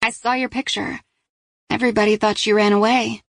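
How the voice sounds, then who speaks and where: Audiobook: pleading, high-pitched young pregnant captive girl, read by a woman. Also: little pitch movement, a little fast, no echo, studio quality, close to an everyday voice. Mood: urgent. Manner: strained, urgent, pleading. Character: frightened pregnant teenage girl held captive.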